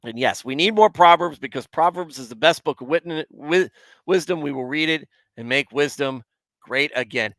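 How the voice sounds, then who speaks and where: Boastful older politician with a gravelly, brash voice and superlative-heavy bragging, put on by a man. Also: a little high, normal speed, fairly bright tone, dry recording.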